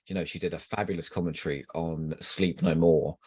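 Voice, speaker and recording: A man's voice: sits low, steady tone, a little fast, a little mellow, breathy edge. A man hosting a livestream, chatting casually and teasing his co-host with flirty banter before the show starts. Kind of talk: casual pre-show chat.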